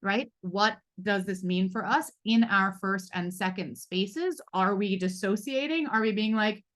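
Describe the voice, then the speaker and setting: A woman's voice: medium pitch, a little slow. A woman in her forties moderating a live roundtable, talking reflectively with many fillers and asides. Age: 40s. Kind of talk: live panel discussion.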